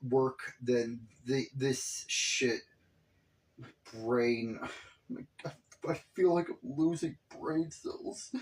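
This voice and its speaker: Exasperated guy ranting slow about a bad video, swearing a lot, mid pitch. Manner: exasperated, profane, rambling. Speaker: video commentator. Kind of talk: casual reaction commentary.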